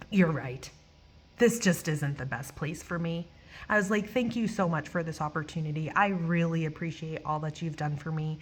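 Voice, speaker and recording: A woman's voice: low-pitched, moderate pace. A woman vlogger telling a personal work story in a casual, emotional way, acting out the people she quotes and swearing now and then. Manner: animated, acts out quoted voices, swears; emotional, near tears at times.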